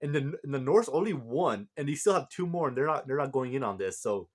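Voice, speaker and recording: A man's voice: mid-range voice, lively intonation, a little fast. A man giving a casual, rambling breakdown of a manga chapter, reading out lines and often laughing. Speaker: manga reviewer.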